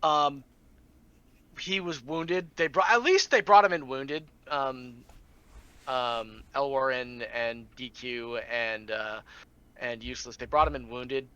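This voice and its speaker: A man recapping a tabletop game session as a player, halting, with many ums and restarts. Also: mid-range voice, sharp tone, smooth, no echo, dull audio.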